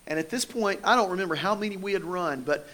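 A pastor with a slightly higher-pitched voice preaches a sermon. He moves between easy, conversational storytelling and more pointed emphasis on his main points. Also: quick pace, fairly bright tone.

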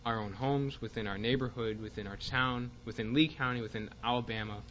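A man teaching a Bible class, speaking haltingly with fillers and restarts and reading passages aloud with more force. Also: mid-range voice, steady tone, a bit bright, lo-fi sound.

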